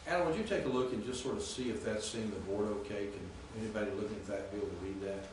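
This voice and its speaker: A man teaching a classroom lesson, picked up from a distance in a very echoey room with faint background noise. He speaks haltingly, repeats words and keeps quizzing his students. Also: on the low side. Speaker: Greek teacher. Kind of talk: classroom lecture. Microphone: distant room mic.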